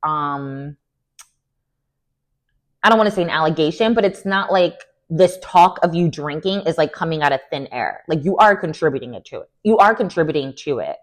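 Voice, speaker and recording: A young woman with a sassy, animated manner, giving an opinionated recap of a reality TV show. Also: low-pitched, moderate pace. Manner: animated, sassy, lots of "like" and "girl". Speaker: recap vlogger.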